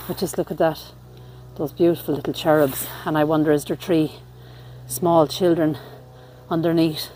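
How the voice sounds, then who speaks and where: A woman vlogger giving an unhurried walking-tour commentary outdoors in a graveyard, reading out headstone inscriptions as she goes. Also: deep voice, fairly even intonation, mellow, a little hiss or hum.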